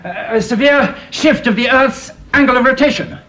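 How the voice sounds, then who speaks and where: A flustered eccentric time traveller. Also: male voice, very high voice, pushed and bright. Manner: flustered, halting, full of ums.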